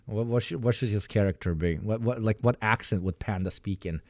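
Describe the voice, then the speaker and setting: A man's voice: on the low side, fairly quick, a little mellow, no echo, clean studio sound. A young man streaming reactions, rambling and joking, swearing freely as he tries out silly accents.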